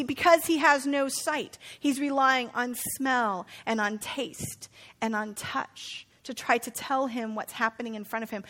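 A woman's voice: sits high, fairly bright tone. A woman teaching a casual Bible study, chatty and playful, often turning to her listeners with questions.

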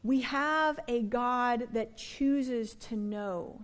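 A middle-aged woman pastor preaching a sermon, earnest, slowing down for emphasis and dropping soft and low on key words.

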